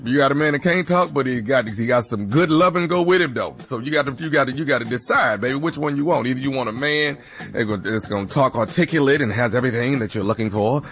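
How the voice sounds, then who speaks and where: A man voicing a fast-talking Southern boyfriend who stammers and repeats his words while he swaggers. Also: medium pitch, fairly bright tone, close to an everyday voice. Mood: rambling, boastful. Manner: swaggering, trips over words.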